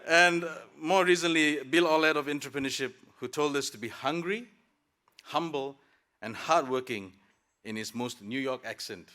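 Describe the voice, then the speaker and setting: In a ceremony hall, a graduating student from Malaysia delivers a convocation speech to his classmates at a moderate pace. The slightly high voice has a bright, forceful tone, and he mixes reflection with light humor.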